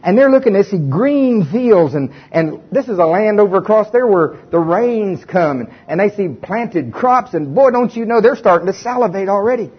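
A man preaches a sermon in an animated, folksy storytelling manner with a bit of humor. His high voice swoops up and down a great deal and has a husky edge. The recording sounds muffled and lo-fi. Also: moderate pace, few pauses. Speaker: pastor. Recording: dull lo-fi recording.

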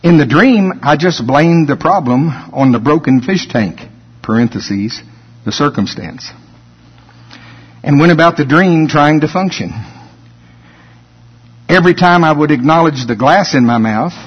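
High-voiced preaching man in a hall. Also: animated, measured pace, long pauses, husky, muffled recording. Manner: preaching, building to shouted emphasis. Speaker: pastor. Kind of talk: sermon.

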